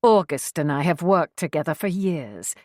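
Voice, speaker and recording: A woman's voice: low-pitched, expressive, normal speed, a little mellow, no echo, clean studio sound. A woman voicing an officious older secretary from London, prim and lecturing, with a London accent.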